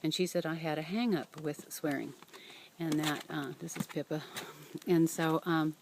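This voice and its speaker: An older woman with a slightly low voice tells a personal story at her own pace. She is reflective and hesitant, filling pauses with ums and restarting her sentences as she thinks aloud. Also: fairly even intonation, noisy background. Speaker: vlogger and cat rescuer.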